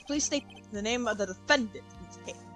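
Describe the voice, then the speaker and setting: A woman voicing an elderly male judge in a lowered, formal old-man voice, reading game dialogue aloud. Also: fairly quick, a bit bright, distant mic, faint music behind, natural voice. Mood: stern. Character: elderly male judge, stern but patient.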